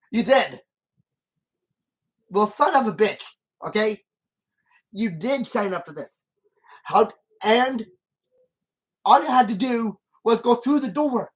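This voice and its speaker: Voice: mid-range voice, fairly bright tone, poor audio. Rambling, emphatic film commentator. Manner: rambling and repetitive, with many restarts; argues emphatically with the character. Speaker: channel host.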